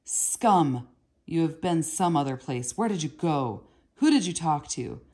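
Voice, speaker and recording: A brutal hulking stonecutter growls in a dark, gravelly register, put on by a woman reading a storybook aloud. His words grate with menace, husky and heavy. He sounds like a man who never softens. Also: a bass voice, lively intonation, unhurried, full character voice. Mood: furious.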